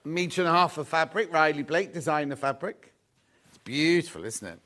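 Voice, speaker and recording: A man's voice: a little high, expressive, normal speed, pushed and bright. A man presenting a live shopping show, chatty and gushing, repeating his phrases as he shows off fabrics. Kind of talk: live sales chat.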